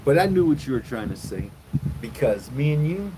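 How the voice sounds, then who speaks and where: A man's voice: medium pitch, very animated, normal speed, noisy background. A man hosting a casual livestream, telling crude rambling stories and chatting with viewers. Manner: crude, rambling storyteller with loud acted quotes. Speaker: livestream host.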